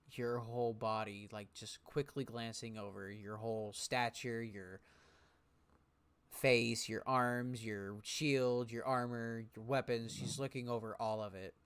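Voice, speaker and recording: A man's voice: medium pitch, clear, resonant tone. Guy running a dnd session, takes his time, laid-back narration. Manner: slow, relaxed narration with pauses. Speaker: game master. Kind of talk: narrating a tabletop game.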